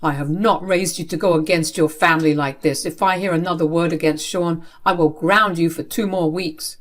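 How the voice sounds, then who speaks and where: A woman's voice: on the low side, fairly even intonation, moderate pace, lightly acted. A woman voicing a stern, unfair middle-aged father who scolds coldly, in her own everyday voice. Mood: scolding. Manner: scolding, cold.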